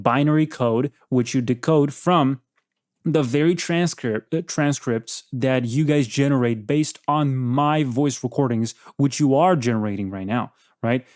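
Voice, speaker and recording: A man's voice: medium pitch, darkish tone, no room sound, clean studio sound. A man hosting a casual chat, blunt and probing as he questions an AI. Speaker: host.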